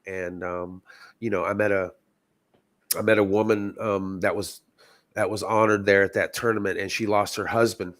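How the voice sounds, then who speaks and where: A man's voice: low-pitched, level tone, moderate pace, a bit bright, no echo, studio quality. A man from Texas, a guest sounding stuffy from a cold, telling stories in an earnest, reflective way. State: stuffy, sick. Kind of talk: casual chat.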